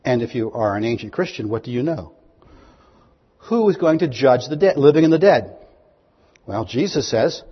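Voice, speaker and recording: A man preaching a sermon, reading scripture aloud and asking his listeners questions, rising to loud, high proclamations. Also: lively intonation, moderate pace, pauses often, slightly rough. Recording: dull, long-echo hall recording.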